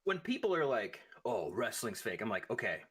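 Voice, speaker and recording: Very lively, bright, husky-voiced man. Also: on the low side. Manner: expressive, quick reactions and laughs. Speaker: guest musician. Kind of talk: casual chat.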